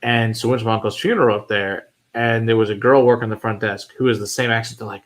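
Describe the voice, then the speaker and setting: A man's voice: medium pitch, fast talker, few pauses, a bit bright. A man hosting a whiskey livestream, chatting casually with viewers, answering their comments and laughing often.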